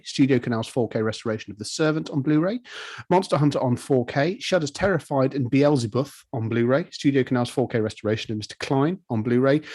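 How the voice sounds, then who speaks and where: A man co-hosting a podcast, briskly reading a list of competition prizes and correcting himself as he goes. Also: medium pitch, a little mellow. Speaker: podcast co-host.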